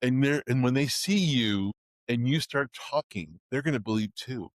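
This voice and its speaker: A middle-aged man from the Bay Area who plays Santa, telling stories in a casual fireside chat, halting and emotional, with many restarts. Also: mid-range voice, no echo. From Bay Area, California. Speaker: Santa performer, host.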